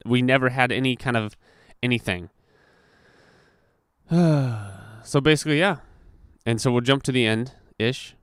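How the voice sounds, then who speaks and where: A man's voice: medium pitch, measured pace, long pauses, smooth, no echo, studio quality. A young man hosting a podcast, casually telling a story with lots of swearing and acted-out quotes. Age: young adult. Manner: profane, animated retelling with acted-out quotes. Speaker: podcast host.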